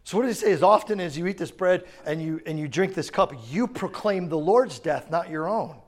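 A man's voice: sits high, a little fast. A man preaching a sermon in a conversational way, often asking the congregation whether they understand. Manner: conversational preaching, asks the crowd questions. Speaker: pastor.

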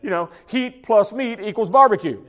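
Pastor, man with a high voice, folksy sermon delivery with frequent restarts. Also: lively intonation, moderate pace. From Oklahoma. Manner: folksy, conversational preaching with repeated restarts.

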